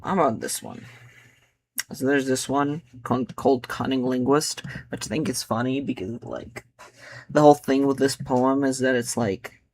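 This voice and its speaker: A man's voice: medium pitch, moderate pace, darkish tone, a little hiss or hum. Rambling young man musing on poems. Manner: rambling, full of filler words, drifting into mutters. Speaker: poet. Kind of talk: casual chat about his own poems.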